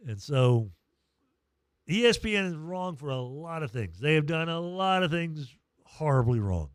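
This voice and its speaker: A man hosting a morning sports radio show, telling stories in a lively, emotional, self-deprecating way into a studio mic. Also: a little high, normal speed, no room sound. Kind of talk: casual morning radio chat.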